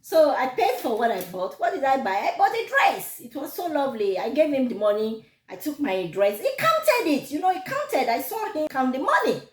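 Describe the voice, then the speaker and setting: A woman with a Nigerian accent telling a personal story to camera, animated and quick to laugh. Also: high-pitched. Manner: animated, laughs often, gives advice. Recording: echoey room.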